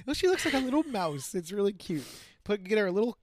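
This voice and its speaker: A man's voice: high-pitched, very animated, quick pace. A man co-hosting a casual podcast, joking and teasing, swearing freely. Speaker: podcast co-host. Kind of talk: casual chat.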